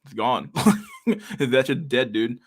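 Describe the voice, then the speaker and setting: A man talks loosely and profanely at a middle pitch. He reads messages aloud and laughs between remarks. His talk is laid-back and full of fillers. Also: fairly even intonation, takes it slowly. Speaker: streamer reading chat. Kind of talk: casual chat.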